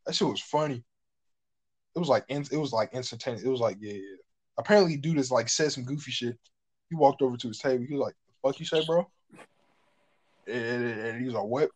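A man's voice: medium pitch, fast, a little mellow, husky, rough recording. A young man in casual chat, telling rambling, profane stories.

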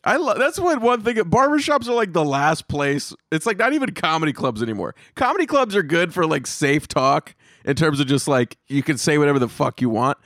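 Animated, profane male comedian host. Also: fairly high pitch, brisk, dry recording, clean studio sound. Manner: profane, rambling, animated storytelling. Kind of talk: casual comedic monologue.

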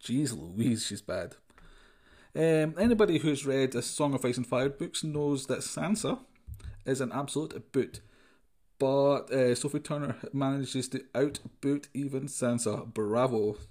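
A man's voice: medium pitch, darkish tone. A man hosting a podcast, ranting sarcastically in a rambling comic monologue full of fillers. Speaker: podcast host.

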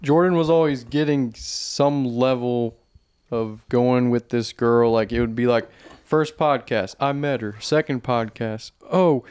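A man's voice: medium pitch, unhurried, darkish tone, clean tone. A young man co-hosting a casual podcast, laid-back and rambling. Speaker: podcast co-host.

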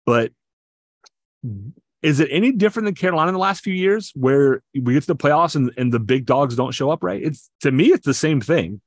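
Brisk and expressive, a man with a voice on the high side co-hosts a podcast of casual sports talk. He explains eagerly and at length, often stumbling into restarts, in clean studio sound with no room sound.

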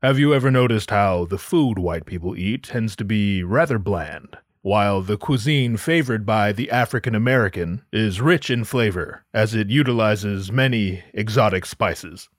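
A man's voice: no echo, studio quality, lightly acted. A man doing an impression of a veteran male stand-up comic, speaking in a formal, lecturing way. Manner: formal, lecturing, low and measured.

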